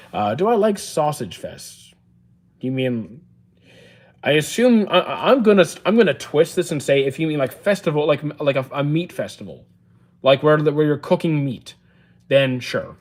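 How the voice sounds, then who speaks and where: A young man, live-streaming and casually answering chat questions, chatty and relaxed with lots of fillers and restarts. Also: mid-range voice. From Canada.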